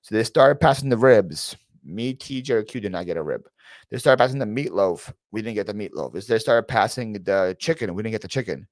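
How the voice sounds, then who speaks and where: Casual male streamer, low voice, dry sound. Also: animated, fairly quick, no echo. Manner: rambling storyteller, reads chat names aloud, frequent fillers and restarts. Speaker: reseller YouTuber hosting a live Q&A. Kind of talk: casual live-stream chat.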